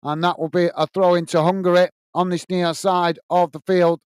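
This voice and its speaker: Upbeat high-voiced man calling football live. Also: level tone, moderate pace, darkish tone, clear, resonant tone, no room sound. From United Kingdom. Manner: upbeat, reads out viewer messages and calls the play. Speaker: watch-along host. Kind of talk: live football commentary and chat reading.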